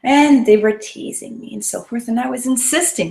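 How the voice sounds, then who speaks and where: A woman's voice: a little high, normal speed, gravelly, few pauses, a little mellow, echoey room. A woman telling a personal story to an audience, earnest and vivid, sometimes dropping to a whisper. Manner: earnest and vivid, drops to a whisper at tense moments.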